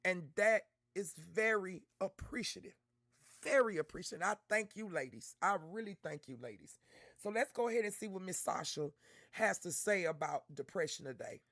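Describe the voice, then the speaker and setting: A woman's voice: medium pitch, expressive, normal speed, fairly bright tone, no echo, studio quality. A woman hosting a casual livestream, talking candidly and from the heart to her chat in slangy everyday speech. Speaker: livestream host reacting to content.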